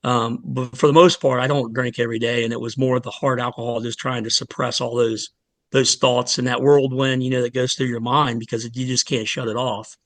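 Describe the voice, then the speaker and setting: Earnest, halting man telling his story. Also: mid-range voice, flat delivery, a bit bright, no echo. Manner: earnest, halting, with many restarts and fillers. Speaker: fire department lieutenant, guest. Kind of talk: emotional personal story in a podcast interview.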